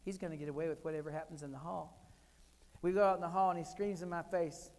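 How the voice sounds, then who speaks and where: Quick-paced and steady, this older American man's voice sits on the high side with a slightly mellow quality. He's telling funny personal stories in short, punchy bursts during a keynote in an echoey hall.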